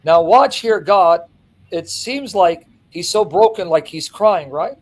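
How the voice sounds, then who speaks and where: Man, higher-pitched, emphatic Bible teacher who drives each point home. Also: lively intonation, takes it slowly, rough recording. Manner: emphatic, reading scripture aloud and driving points home. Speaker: Christian apologist. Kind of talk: impassioned Bible exposition.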